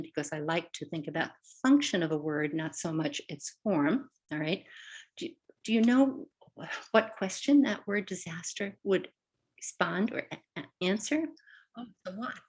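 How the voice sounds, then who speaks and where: A woman's voice: low voice, slightly rough. An older woman, a literacy educator, giving a webinar lesson over a video call, chatty and checking in with her listeners often. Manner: conversational, checks in with "right?" and "all right". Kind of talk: webinar teaching presentation.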